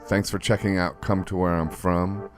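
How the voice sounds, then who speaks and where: A man's voice: sits low, flat delivery, normal speed, soft background music. A man hosting a podcast in a casual, easygoing, joking way. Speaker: podcast host. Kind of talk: casual interview chat.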